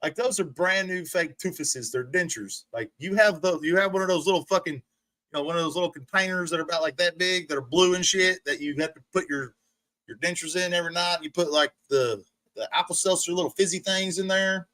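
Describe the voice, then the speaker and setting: A man's voice: high-pitched, a little fast, bright, forceful tone, no room sound. A man streaming, ranting and mocking someone with profanity and frequent laughter, from a recliner indoors. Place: indoors, sitting in a rolling recliner.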